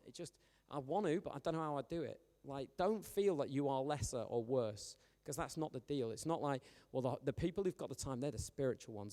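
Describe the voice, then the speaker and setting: A man's voice: mid-range voice, warm tone. A man preaching a conversational sermon, full of "like" fillers, acting out the voices he quotes. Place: church hall. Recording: church hall with long reverb.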